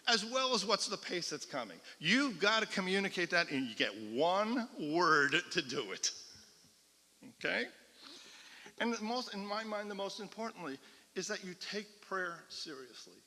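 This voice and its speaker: A man's voice: sits high, lively intonation, moderate pace, pushed and bright. A man, a cantor, teaching a class in an explanatory lecture style, often checking in with his listeners. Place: synagogue classroom or hall. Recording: long reverb of a hall.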